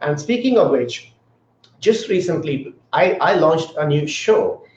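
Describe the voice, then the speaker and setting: A man's voice: a little high, lively intonation, a little slow, a little mellow. A man hosting a motivational livestream, talking earnestly, repeating himself and greeting viewers by name. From grew up in another country. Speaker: livestream host. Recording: echoey room, dull lo-fi sound.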